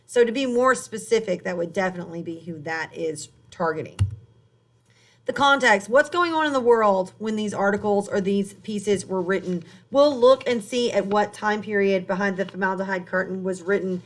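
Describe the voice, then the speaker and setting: A woman teaching a recorded high school English lesson into her computer mic. She explains at an everyday pitch, stopping to reword and check in with her students. The tone stays plain and instructional. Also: fairly bright tone. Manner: explanatory, rephrases as she goes.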